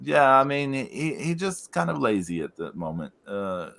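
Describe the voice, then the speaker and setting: A man's voice: medium pitch, very animated, moderate pace, creaky, fairly bright tone. Rambling man on a wrestling podcast. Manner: rambling, heavy on fillers; amused, laughs while recounting. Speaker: podcast co-host. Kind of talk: casual chat.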